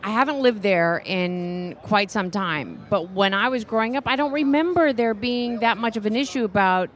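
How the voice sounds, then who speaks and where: A woman's voice: medium pitch, expressive, normal speed. A woman co-hosting a talk show, chatty and loose in casual conversation. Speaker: co-host. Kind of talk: casual chat.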